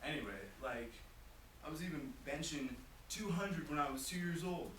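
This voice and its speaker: A man's voice: fairly high pitch, moderate pace, a bit bright. A teenage boy doing a goofy, boastful comic monologue at a talent show, breaking into shrieking impressions. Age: teens. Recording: echoey room from far off, hissy noise.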